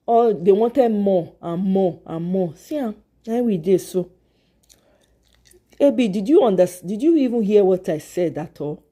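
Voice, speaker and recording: A woman's voice: mid-range voice, dark tone. A Nigerian woman hosting a livestream, talking back to her chat in Pidgin-flavoured English with an exasperated manner. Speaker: livestream host. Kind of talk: casual livestream commentary.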